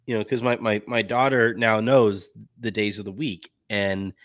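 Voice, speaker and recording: A man's voice: lowish voice, fairly even intonation, moderate pace, a bit bright, dry recording, studio quality. A man hosting a casual sports podcast, talking in a rambling way with many restarts. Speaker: podcast host. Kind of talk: casual chat.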